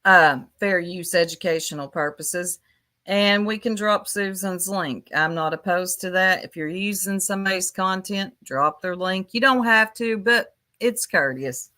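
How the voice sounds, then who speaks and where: A woman rambles through a casual livestream, speaking slowly and drawing out her words. Her voice is bright and forward, and she keeps turning aside to answer viewers in the chat by name. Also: on the low side. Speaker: YouTube livestream host.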